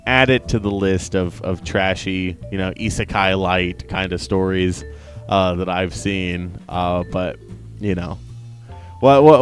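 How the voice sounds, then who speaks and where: A man with a lowish voice rambles through a casual anime review, full of fillers, restarts and tag questions. He laughs often and perks up when something amuses him. Soft plucked guitar music plays faintly underneath. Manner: rambling, many restarts and fillers, frequent "right?".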